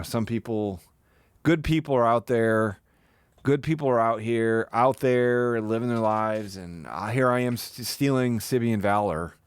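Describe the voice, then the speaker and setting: A man's voice: lowish voice, clean tone, no echo. A young man live-streaming his commentary on a video, mocking the clip with profane, swooping outbursts. His voice rises and falls widely, and it sounds close and dry, with no room in it.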